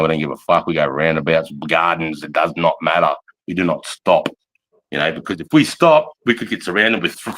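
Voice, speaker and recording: An Australian man in his forties, talking in a somewhat low voice. He tells army stories in a loose, rambling way, swearing constantly. He breaks into laughter often. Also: fairly bright tone. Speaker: army veteran telling war stories. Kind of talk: casual storytelling chat.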